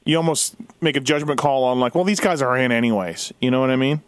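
A man's voice: mid-range voice, fast, no room sound. A man hosting a casual motocross talk show, rambling and thinking aloud. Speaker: podcast host. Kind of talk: casual chat.

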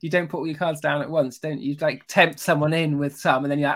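A British man, a guest author, chatting casually on a video call, with quick talk full of halting restarts. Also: a little high, fairly even intonation, a bit bright. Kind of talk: casual interview chat.

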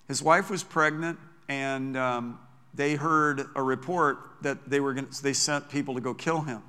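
A man's voice: fairly high pitch, fairly bright tone, clean tone, big-room sound. Enthusiastic male pastor preaching. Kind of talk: sermon. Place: church.

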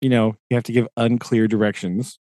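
A man's voice: medium pitch, little pitch movement, fairly quick, dark tone, no room sound, studio quality. Chatty man on a podcast. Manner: chatty, peppers talk with "right?" and "like". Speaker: podcast co-host. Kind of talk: casual chat.

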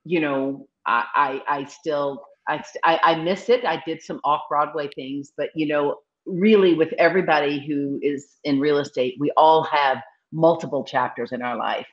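A middle-aged woman from Nashville with a slight Southern accent, chatting casually as an interview guest and acting out quotes in animated voices. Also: sits low, moderate pace, highs cut off. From Nashville, Tennessee. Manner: lively storyteller, acts out quotes with animated voices. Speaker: real estate broker guest.

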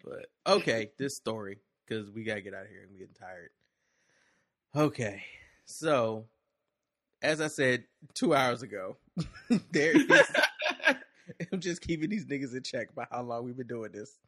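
A man's voice: mid-range voice, sing-song, a little slow, long pauses, a bit bright, dry recording, studio quality. A man hosting a casual podcast, laughing often and talking in loose slang while he reads a story aloud. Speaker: podcast host.

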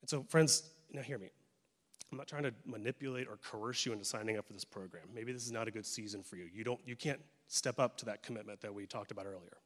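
Joking pastor in an echoey church. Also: male voice, fairly low pitch, quick pace. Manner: conversational, joking, emphatic. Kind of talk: sermon.

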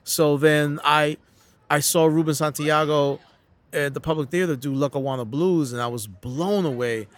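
A man's voice: fairly high pitch, normal speed. A middle-aged man from New City, telling stories as a comedian guest in a casual interview, acting out quotes with frequent restarts. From New York City.

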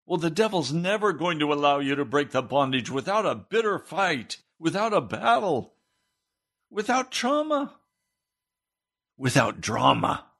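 A man preaching a sermon as pastor, swinging his pitch up into emphatic questions. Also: lively intonation, moderate pace, hardly any pauses, a bit bright.

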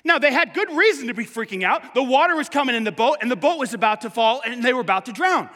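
High bright preacher in an echoing hall. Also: male voice, lively intonation, fast, few pauses. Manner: conversational, swings from loud urging to hushed. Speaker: pastor. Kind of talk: sermon. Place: church. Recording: long hall reverb.

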